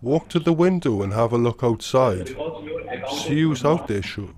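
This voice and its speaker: A man making prank phone calls, speaking in a calm, mock-concerned way and repeating the same questions to needle the person on the line. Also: medium pitch, normal speed, a crowd in the background. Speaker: prank caller.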